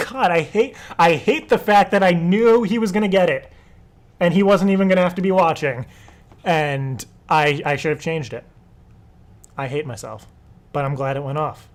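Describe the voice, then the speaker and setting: A young man hosting a live stream show, rambling casually with frequent laughter and swearing. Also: a little high. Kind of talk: casual livestream chat.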